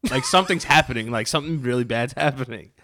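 A man's voice: medium pitch, quick pace, pushed and bright. A young man from New York, co-hosting a podcast, telling a story with lots of swearing and laughter. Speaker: podcast co-host. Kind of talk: casual chat.

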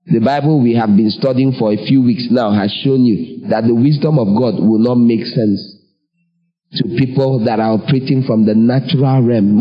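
A man's voice: mid-range voice, lo-fi sound. A man preaching a sermon emphatically, asking the congregation rhetorical questions. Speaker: pastor.

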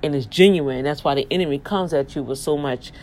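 Low-voiced woman radio host. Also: brisk, a little mellow, a little hiss or hum. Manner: effusive, preachy, gospel-flavored exclamations. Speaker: online radio show host. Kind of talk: casual talk with listener shout-outs.

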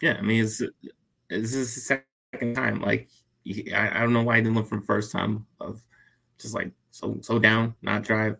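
A man's voice: on the low side, level tone, moderate pace, vocal fry, bright, forceful tone. A man co-hosting a sports podcast, talking hesitantly with many restarts. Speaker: podcast co-host. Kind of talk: casual sports chat.

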